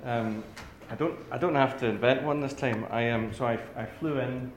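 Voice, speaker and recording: A man's voice: mid-range voice, normal speed, roomy sound, slight background noise, rough recording. A man with a Scottish accent giving a talk to a live audience in a rambling, self-deprecating way, full of restarts. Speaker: academic speaker.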